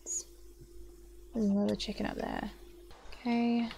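A young woman talks her way through a game in an unhurried, chatty way, poking fun at herself. Her voice has a gravelly edge. A faint hiss sits under the recording. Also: on the high side, flat delivery, dark tone. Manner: chatty, self-mocking, greets mobs in a sing-song voice. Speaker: gaming channel host. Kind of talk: casual gameplay commentary.

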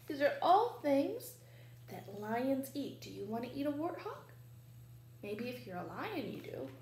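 A woman librarian reading a children's storytime in a library, playful and animated, asking the children questions. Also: on the high side, slight background noise. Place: library room. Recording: echoey room, faint ambience.

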